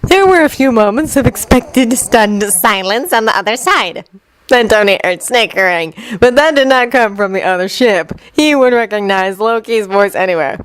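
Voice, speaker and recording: Woman reading fanfic aloud, smooth clear voice, dry close sound, steady pace. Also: a little high, moderate pace, dry recording, low-quality recording. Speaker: fanfiction reader. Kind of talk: audiobook narration.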